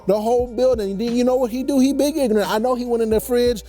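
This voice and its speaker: A young man telling a movie story as a comedic rant, slangy and animated, slipping into quick character voices. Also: very high-pitched, soft background music. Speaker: comedy vlogger.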